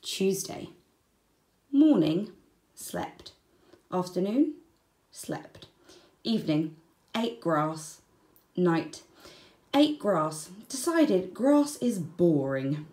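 Slow, expressive woman reading a storybook. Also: on the low side. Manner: slow, deliberate reading with soft, breathy word endings. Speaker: children's book reader. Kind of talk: storybook read-aloud. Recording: roomy echo.

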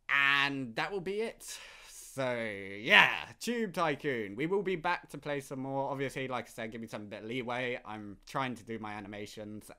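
Rambling lad playing a game. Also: male voice, mid-range voice, bright, forceful tone, clear, resonant tone. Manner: rambling, laughs often. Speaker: gaming YouTuber. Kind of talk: casual gameplay commentary.

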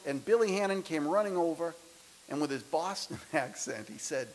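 A man in his sixties giving a motivational speech to students, his delivery swinging between loud emphasis and soft, intimate lines. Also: on the high side, lively intonation, normal speed, a little hiss or hum, rough recording. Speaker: speaker. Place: lecture hall.

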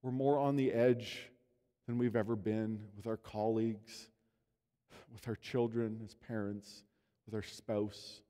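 A man's voice: lowish voice, fairly even intonation, measured pace, mellow. Earnest male pastor in a reverberant church. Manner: earnest storytelling, voice swells and drops. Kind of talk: sermon. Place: church sanctuary. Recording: long reverb of a church hall.

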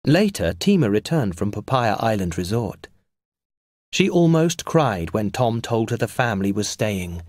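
Guy reading a storybook aloud for english learners, lively pitch, dry close mic. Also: no echo. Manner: clear and measured for learners. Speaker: audiobook narrator. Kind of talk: scripted storybook narration.

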